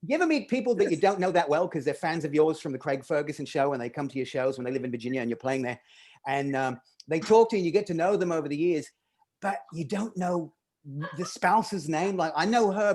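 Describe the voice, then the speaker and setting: A man's voice: a little high, fairly quick, a little mellow. A man doing a stand-up comedy set, rambling and self-deprecating, often laughing at his own jokes.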